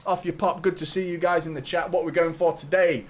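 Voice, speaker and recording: Male fan host, young adult, chatty, casual, higher than usual voice. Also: fairly even intonation, a little fast. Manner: chatty, greets viewers by name, swears casually. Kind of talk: live football watchalong chat.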